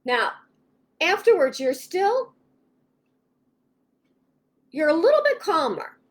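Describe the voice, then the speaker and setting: A woman's voice: very high-pitched, sing-song, takes it slowly. A woman hosting a casual live stream on home organizing, talking directly to her viewers in a chatty, rambling way, often restarting sentences and acting out everyday thoughts. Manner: chatty, rambling, frequent restarts and acted-out inner monologue. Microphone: webcam or phone in a home office.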